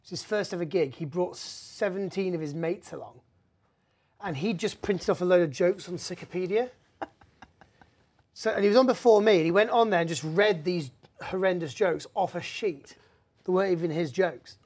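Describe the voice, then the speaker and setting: Man, comedian, husky voice, lively anecdotes, casual chat show guest. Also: high voice, moderate pace. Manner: lively storyteller, acts out voices.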